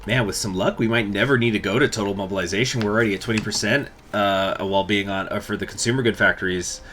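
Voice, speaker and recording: A man's voice: lowish voice, steady tone, fast talker, fairly bright tone, a little hiss or hum. A man hosting a gaming channel, thinking aloud and muttering through let's play commentary, swearing now and then.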